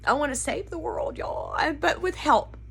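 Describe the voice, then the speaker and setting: A woman's voice: high-pitched, huge pitch swings, normal speed, gravelly, a bit bright. A woman from Texas, talking casually to camera from her living room, rambling earnestly with many fillers. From Pasadena, Texas, USA. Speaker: occult vlogger. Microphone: camera mic.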